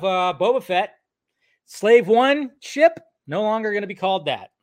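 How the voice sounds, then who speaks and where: A man hosting a casual live video chat, answering viewer comments in a loose, rambling way with lots of fillers and restarts. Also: fairly high pitch. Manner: loose and offhand, swears casually. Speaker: host of a live video show.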